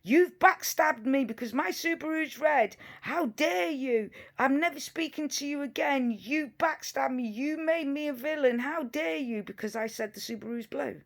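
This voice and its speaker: A woman's voice: sits high, moderate pace, vocal fry, hardly any pauses, voice pushed up. A woman mocking an indignant man. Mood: mock outrage. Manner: exaggerated, repetitive mockery. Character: indignant man protesting, mock outrage.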